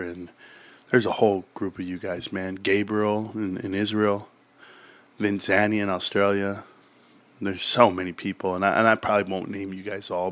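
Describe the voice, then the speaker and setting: On his stock market livestream, a man talks casually in a low, fairly bright voice. He rambles sincerely, restarting his sentences often, and turns emphatic whenever he tells a story.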